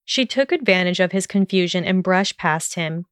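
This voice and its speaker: A woman narrating a story in a measured, steady reading voice. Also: fairly low pitch, clear, resonant tone, no room sound, clean studio sound.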